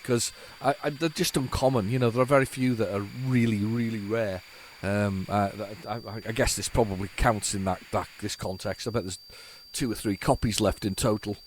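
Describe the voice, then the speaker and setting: A man's voice: medium pitch, a little hiss or hum. A man hosting a retro computing video, chatting casually and rambling to viewers as he tests old tapes. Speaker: retro computing channel host.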